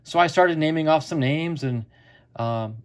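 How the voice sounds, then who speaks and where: A man's voice: fairly high pitch, a little slow, smooth. A middle-aged man casually telling a story to camera as the host of a card collecting channel, chatty and acting out quotes.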